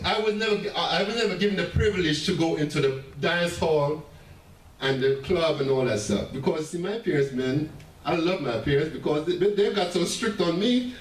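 A man preaching a sermon as pastor, animated, with laughing asides and stammering restarts. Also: a little high, moderate pace, slight background noise. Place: church sanctuary. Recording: echoey church room heard from a distance.

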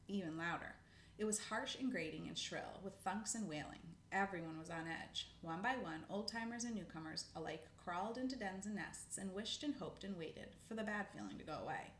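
A woman reading a children's book aloud with expressive storytelling. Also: medium pitch. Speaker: narrator. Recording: echoey room, faint noise.

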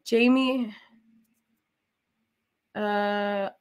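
A woman's voice: medium pitch, steady tone, drawn-out words, smooth. Chatty woman crafter, talks while she works, wanders off topic easily. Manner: chatty, rambling onto side topics. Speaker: cross-stitch designer and streamer. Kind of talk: casual chat while stitching.

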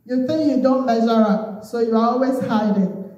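A Ghanaian woman preaches in a high voice. She stirs her listeners and leans on Amens and Hallelujahs. Her voice rings through a very echoey hall and sounds as if it comes from some way off the mic. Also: normal speed, mellow, lo-fi sound. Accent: Ghanaian English. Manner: exhorting, call-and-response with Amens and Hallelujahs. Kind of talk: sermon. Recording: very echoey room, voice from far off.

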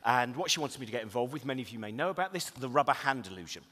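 A comedian gives a comic lecture in a large, reverberant hall, his medium-pitched voice racing. He rambles, interrupts himself, and stays animated throughout.

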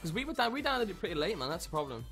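A man's voice: sits high, big pitch swings, racing, fairly bright tone, faint music behind. A man hosting a live game stream, chatting and joking with friends and viewers. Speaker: livestream host. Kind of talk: casual chat while streaming.

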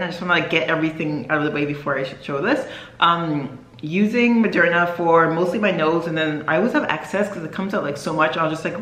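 A woman's voice: low-pitched, a bit bright. A young woman vlogging casually to camera, rambling and chatty with lots of fillers and self-corrections. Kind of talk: casual vlog chat to camera. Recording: echoey room.

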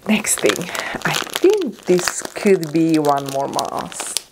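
A woman beauty vlogger unboxing gifts in a casual, excitable and emotional way. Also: low voice, slow, noisy background. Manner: excitable and emotional, squealing with delight.

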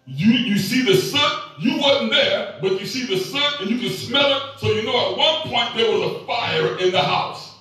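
A middle-aged man preaching a sermon as pastor, animated and joking with the congregation. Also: extremely high pitch, normal speed, few pauses, very echoey, recorded from a distance, low-quality recording.

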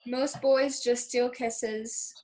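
A prim cautious sister. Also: female voice, fairly high pitch, fairly even intonation, extremely slow, darkish tone. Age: teens. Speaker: student actor.

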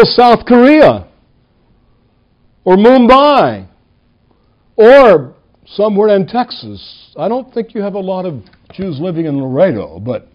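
A man, a pastor, preaching a sermon in a church, stressing single words and slowing down on key lines. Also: high-pitched, lo-fi sound.

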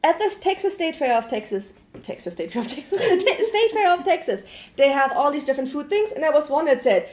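Animated high-voiced German woman. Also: fast talker. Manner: chatty, animated storytelling. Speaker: vlog host. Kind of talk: casual snack review chat.

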